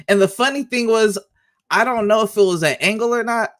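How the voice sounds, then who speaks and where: A man co-hosting a podcast, chatting casually and profanely about wrestling, animated and laughing often. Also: high-pitched, a little fast. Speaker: podcast co-host.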